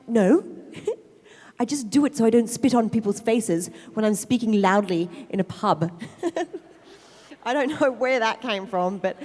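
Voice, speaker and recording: A woman's voice: medium pitch, darkish tone. A woman chats from a convention panel, playful and giggly, often slipping into little acted-out voices. A long hall reverb trails her words. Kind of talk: casual panel chat.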